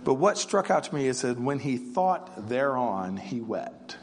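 A man's voice: medium pitch, big pitch swings, moderate pace, slight background noise. Man preaching a story-driven sermon. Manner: storytelling, vivid retelling with repetitions.

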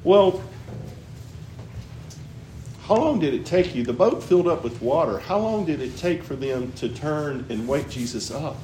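A man with a drawl and a notably high voice teaches from the Bible in an earnest, musing way, often asking questions aloud. The room is roomy and echoey, with faint noise underneath. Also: darkish tone. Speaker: preacher.

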